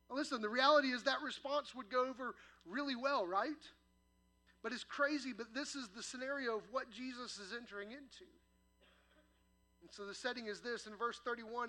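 High bright-voiced pastor preaching. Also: male voice, moderate pace. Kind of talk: sermon. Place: church sanctuary.

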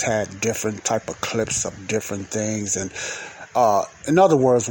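A man's voice: mid-range voice, poor audio. A man hosting a rambling podcast teaching outdoors at night, praying and repeating himself with many rhetorical questions. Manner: repeats phrases, asks rhetorical questions, peppers with "you know" and "okay". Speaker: podcast host and lay preacher. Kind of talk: rambling spoken teaching with prayer. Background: wind and faint outdoor ambience.

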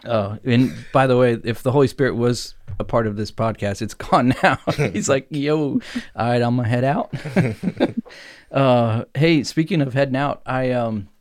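Young male podcast host, easygoing and giggly, mid-pitched voice, dry close mic. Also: unhurried, no echo. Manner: laughs often, animated and joking. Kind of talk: casual chat.

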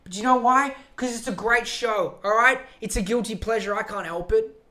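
A man's voice: high voice, normal speed, sharp tone. A man hosting a podcast alone, ranting in a profane, rambling, emphatic way. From Australia. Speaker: podcast host. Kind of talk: solo podcast rant.

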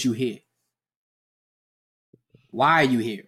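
Animated young man on a podcast. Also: medium pitch, normal speed. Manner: animated, profane, acts out characters with laughs. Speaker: podcast host. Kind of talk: casual podcast chat.

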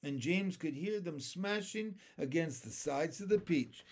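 A man reading a children's novel aloud, deliberate and expressive. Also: on the high side. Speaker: storyteller.

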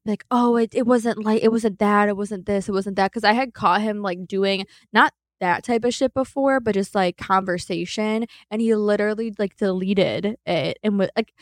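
A young woman talks in a blunt, profane, rambling way, stacking fillers as she tells a story to her co-host. Her voice sits at an ordinary middle pitch. The sound is dry and close, with little room in it. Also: normal speed, hardly any pauses, no room sound. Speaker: podcast co-host. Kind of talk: casual podcast chat.

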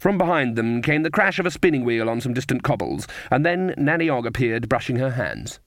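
A man narrates an audiobook from a script, keeping his storytelling measured and even. His voice sits in the mid-range, and the recording is dry with clean studio sound.

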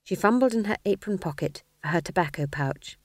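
A woman reading a comic fantasy novel aloud as the audiobook narrator, in a wry, measured storytelling manner. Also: lowish voice, lively intonation, dry recording, studio quality. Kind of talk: scripted narration.

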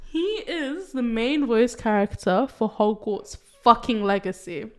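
A young British woman co-hosting a casual podcast, her voice sitting a little high. She rants fast, swears freely and breaks into laughter along the way. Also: expressive, a little mellow. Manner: ranting, swearing, laughing often. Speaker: podcast co-host. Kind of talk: casual chat.

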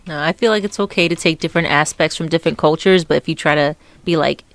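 Male podcast guest, quick and earnest, gravelly edge, dry mic. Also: on the high side, a bit bright, dry recording. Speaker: podcast co-host. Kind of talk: casual chat.

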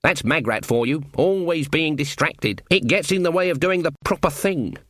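A man's voice: on the high side, lively intonation, moderate pace, fairly bright tone, no room sound, studio quality, voice pushed up. A man voicing a stern, proud old woman witch in an audiobook, curt and firm. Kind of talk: audiobook reading.

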